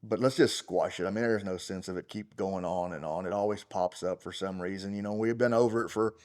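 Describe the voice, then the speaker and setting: A middle-aged man, a champion rodeo roper, talking in an unfiltered interview. He is blunt and profane, rambles with fillers, and gets loud and heated. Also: low voice, fairly quick. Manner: rambling, full of fillers like "you know" and "like". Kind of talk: unfiltered casual interview talk.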